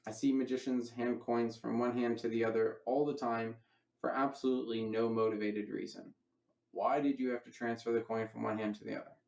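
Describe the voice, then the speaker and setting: A man's voice: mid-range voice, level tone, fairly quick, creaky, a little mellow, echoey room, recorded from a distance. A man giving a casual magic lecture, rambling and correcting himself as he demonstrates moves.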